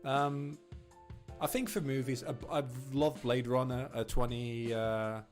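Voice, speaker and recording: A man's voice: medium pitch, fairly even intonation, unhurried, faint music behind. A man being interviewed as an incoming caster, talking casually with frequent restarts and chuckles. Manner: stumbling restarts, chuckles often.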